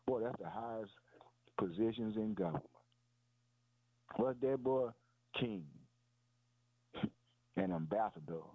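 A man's voice: on the low side, takes it slowly, pauses often, husky, no echo. A man preaching a sermon in a rhythmic call-and-answer style, dropping "boy" and "man" between phrases and calling out hallelujah. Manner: rhythmic repetition, asks and answers his own questions. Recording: dry, tinny phone-like sound.

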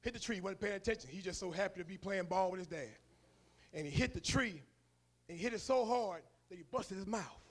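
High-voiced preacher telling a story. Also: male voice, fairly quick. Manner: colloquial storytelling. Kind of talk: sermon.

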